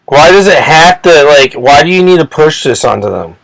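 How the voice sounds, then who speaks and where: This channel host's ranting commentary is profane and indignant, with constant restarts, repeated words and rambling. He sounds a little high, animated, creaky and a bit bright at normal speed, on a low-quality recording.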